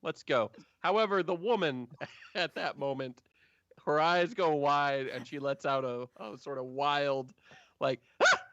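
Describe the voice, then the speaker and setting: A man's voice: a little high, a little slow, a bit bright, dry recording. A man narrating a tabletop game as game master, loose and chatty, laughing often, in a dull, dry recording.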